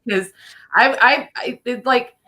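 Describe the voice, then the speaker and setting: Bright-voiced woman telling a story. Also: on the high side, slow pace. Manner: animated storyteller, laughs often, swears. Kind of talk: casual storytelling on a podcast.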